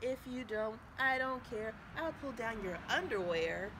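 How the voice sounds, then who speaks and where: Eager young boy frog voiced by a woman, storybook, high and bouncy, noisy background. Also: expressive, measured pace. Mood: spooky chant. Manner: eager, exclaiming.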